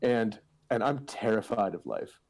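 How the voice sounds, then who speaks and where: A man speaking as a guest on a casual podcast, in a flat monotone with halting starts and many fillers. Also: on the low side, vocal fry, low-quality recording.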